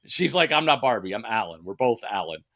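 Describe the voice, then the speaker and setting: A man's voice: on the low side, brisk. A man in his thirties co-hosting a podcast, chatting casually and swearing freely while recommending a film. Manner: profane, animated movie recommending. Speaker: podcast co-host. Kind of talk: casual chat.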